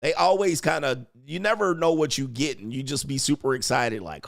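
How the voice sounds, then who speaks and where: A man's voice: fairly high pitch, lively intonation, brisk, creaky, few pauses, a bit bright. A man hosting a show, telling crude comedic stories in heavy slang and acting out quotes. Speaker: podcast host. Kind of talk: crude comedic riffing to a live chat.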